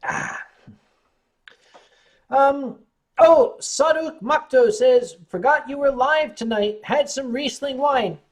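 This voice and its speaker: A man's voice: extremely high pitch, slow pace, long pauses. A man hosting a casual livestream, reading out chat comments and answering with wry, rambling jokes while tipsy on wine. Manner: wry, joking, rambling storyteller.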